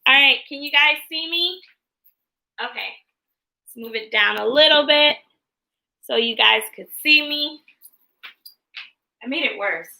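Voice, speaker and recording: A woman teaching a livestreamed phonics lesson to young children, in a slow, sing-song way. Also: sits high, vocal fry, sharp tone. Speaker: kindergarten teacher.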